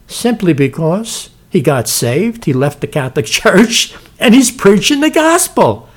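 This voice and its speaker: A man's voice: high-pitched, very animated, measured pace. A man preaching fervently to his listeners, often tripping over and repeating words as he presses his point. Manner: fervent, stumbling restarts, direct address to "folks". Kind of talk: emphatic preaching with read-aloud passages.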